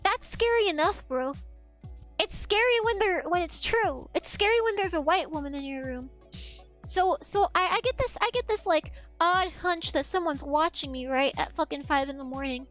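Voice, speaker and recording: A young woman streamer telling an animated, profane story in casual chat. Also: very high-pitched, normal speed, faint music behind.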